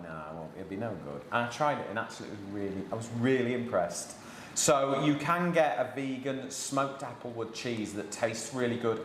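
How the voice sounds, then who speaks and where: A man's voice: medium pitch, roomy sound, a little hiss or hum. A man hosting a live cooking class from his home kitchen, chatting and joking with his daughter while he explains each step.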